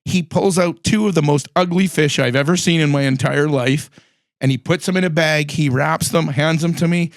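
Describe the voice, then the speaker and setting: A male host in casual conversation who spins animated anecdotes. His voice sits a little high for a man, and the recording is close and dry with no room around it. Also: normal speed, no echo. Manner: animated anecdotes, acts out quoted lines. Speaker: podcast host. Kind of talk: casual chat, storytelling.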